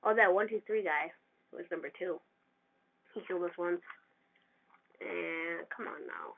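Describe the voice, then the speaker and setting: A gamer giving casual, excitable commentary over their own gameplay and trash-talking opponents. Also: mid-range voice, unhurried, creaky. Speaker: gamer narrating own play. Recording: tinny lo-fi mic with faint hiss.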